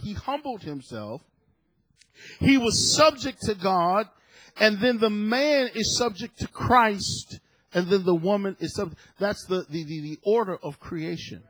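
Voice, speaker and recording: A man's voice: high-pitched, a bit bright, slightly rough, no room sound, poor audio. A male pastor preaching a sermon emphatically, often chuckling and putting questions to the congregation.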